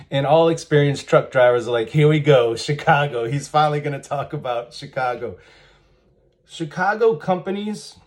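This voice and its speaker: A man's voice: fairly high pitch, a little mellow. A man, reading job ads aloud and commenting bluntly and wryly, chuckling often. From United States. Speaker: trucking channel host.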